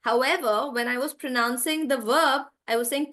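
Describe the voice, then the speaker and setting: Higher-voiced woman teaching pronunciation online. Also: normal speed, hardly any pauses, a bit bright. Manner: explains patiently, stretches stressed syllables to demonstrate; calls on students by name, asks "right?".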